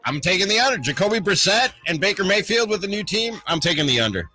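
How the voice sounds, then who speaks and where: Bright-toned co-host talking picks. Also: male voice, sits high, big pitch swings, fast, faint music behind. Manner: thinks aloud, changes his mind mid-pick. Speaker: sports radio co-host. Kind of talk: casual sports talk.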